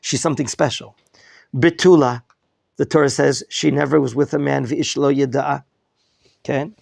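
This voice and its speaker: A man teaching a Torah class with a somewhat high voice and a gravelly, fry-laced texture. He questions his students and corrects their reading as he goes. The sound is close and dry. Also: no room sound. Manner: lively teacher, quizzing students, mixing in Hebrew terms. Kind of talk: classroom Bible lesson.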